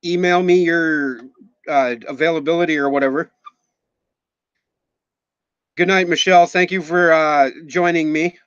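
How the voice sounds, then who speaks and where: Midwest guy in his 40s hosting a live stream, rambles and jokes, kinda high voice, dry dull audio. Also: fairly even intonation, a little slow, pauses often, a bit bright, clear, resonant tone, dry recording. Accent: Minnesotan. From Minnesota, USA. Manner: rambling, joking, swears casually, reads out viewer names. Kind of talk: casual live stream chat. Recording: slightly muffled, dull sound.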